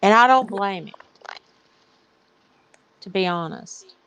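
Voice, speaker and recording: A woman in casual group chat who vents with emphatic exasperation, her pitch sitting in a middle range. A faint hiss runs under her voice. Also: expressive, slow, fairly bright tone, highs cut off. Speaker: chat participant.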